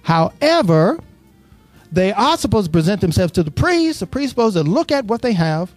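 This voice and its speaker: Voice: medium pitch, moderate pace, faint music behind. A preacher reading scripture aloud and quizzing the congregation on the missing words, then building into passionate preaching. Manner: asks the congregation to fill in words; builds from steady Bible reading to impassioned preaching. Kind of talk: sermon with call and response. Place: church.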